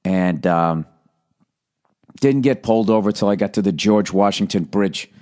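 A middle-aged man from the United States talks through a loose, profanity-laced story, drifting from one tangent to the next. His voice sits fairly low, and he drops into quick mock voices as he goes. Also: a little mellow. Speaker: podcast host. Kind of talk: casual solo monologue.

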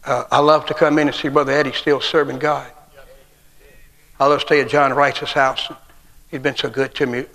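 Folksy preacher in a reverberant church. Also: male voice, mid-range voice, level tone, normal speed, gravelly, pauses often, sharp tone. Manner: folksy, humorous storytelling with acted quotes. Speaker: guest preacher. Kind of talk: sermon with personal stories. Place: church sanctuary. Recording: long church hall reverb.

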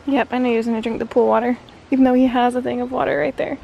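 At home and out in the backyard, a lifestyle vlogger films herself on a handheld camera, chatting upbeat and talking fondly to her dogs. Her voice sits on the high side with a steady tone, but she races along, sounding creaky and dark, with a little hiss or hum in the recording.

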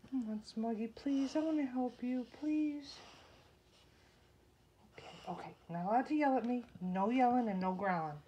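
A woman's voice: on the high side, normal speed, dark tone, lo-fi sound, slight background noise. A woman talking to her nervous dog at home while trimming its nails, soothing and pleading, sometimes scolding sternly. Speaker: dog owner. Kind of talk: coaxing talk to a pet.

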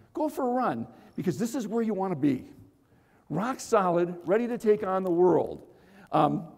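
A middle-aged man giving a live motivational keynote, telling stories and shouting to the crowd in a large conference hall. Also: high voice, creaky. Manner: energetic storytelling, shouts to the crowd. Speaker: motivational speaker. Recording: long reverb of a big hall.

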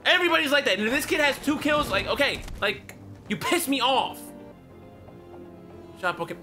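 High, lively young man trash-talking. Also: brisk, soft background music. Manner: profane trash-talking, barks repeated warnings at the player. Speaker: gaming YouTuber. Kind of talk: casual spectating commentary.

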